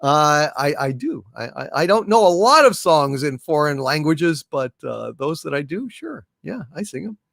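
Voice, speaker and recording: A man's voice: fairly high pitch, big pitch swings, normal speed, creaky, hardly any pauses, a bit bright, no echo, clean studio sound. Effusive man hosting a live stream. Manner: effusive, thanks donors with grand hails, hums little fanfares. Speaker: livestream host. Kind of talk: casual live-stream chat reading viewer messages.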